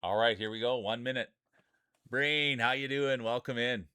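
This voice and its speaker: A man's voice: mid-range voice, moderate pace, smooth, dry recording, clean studio sound. A man hosting a live marble-race stream, giving casual, joking commentary and greeting viewers, laughing often. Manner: jokey, excitable, laughs often while talking. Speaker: streamer and game host.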